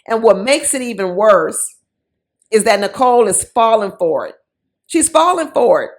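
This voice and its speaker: A woman's voice: fairly high pitch, sing-song, moderate pace. A woman giving casual, sassy commentary on a reality show, mocking the people in it with quoted voices.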